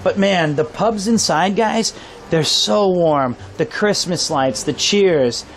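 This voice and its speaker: A man from Kansas telling excited stories while live streaming outdoors by a pub, swearing freely. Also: high-pitched, takes it slowly, slight background noise. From Kansas, USA. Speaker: IRL streamer. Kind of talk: casual live stream storytelling. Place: outdoors on a town street by a pub.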